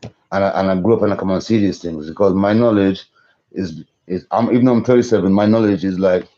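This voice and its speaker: A man's voice: deep voice, fast talker, dark tone, muffled recording. A man in his thirties rambling through a live-stream monologue, repeating himself and swearing for emphasis. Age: 30s. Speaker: conspiracy vlogger.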